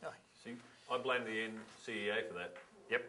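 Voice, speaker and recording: An actor with a New Zealand accent playing a blunt, swearing would-be politician who quickly gets indignant. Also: male voice, on the low side, flat delivery, pushed and bright, slight background noise. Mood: blustering. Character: brash, blustering male would-be politician. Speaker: election candidate. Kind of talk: mockumentary acting.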